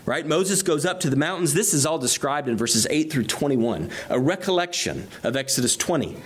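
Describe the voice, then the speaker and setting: A man's voice: a little high, lively intonation, moderate pace, husky. A man preaching an expository sermon, reading scripture aloud and explaining it verse by verse with rising emphasis on key phrases. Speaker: pastor.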